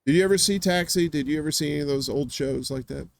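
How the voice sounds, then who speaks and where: A man hosting a casual live-stream chat, telling rambling stories full of filler words and dropping into quick voice impressions. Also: on the high side, gravelly, no room sound. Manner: does quick voice impressions of others. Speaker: host.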